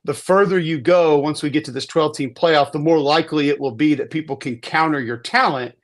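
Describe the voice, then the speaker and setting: Emphatic man talking football, higher voice. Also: a little fast. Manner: emphatic, repeats words, restarts sentences. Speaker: football analyst guest. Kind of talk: casual sports podcast talk.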